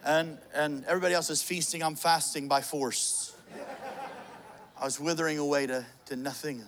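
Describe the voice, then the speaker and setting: A man's voice: fairly high pitch, fairly even intonation, normal speed, a bit bright. A middle-aged man preaching a sermon, telling a funny personal story with jokes and many restarts. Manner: joking, storytelling, frequent restarts.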